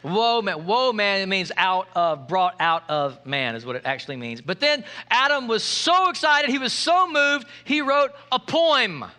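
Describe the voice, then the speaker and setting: High, bright-voiced joking preacher man. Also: lively intonation, unhurried, few pauses, clear, resonant tone. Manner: playful, joking preacher who calls for audience responses. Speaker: pastor. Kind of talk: sermon.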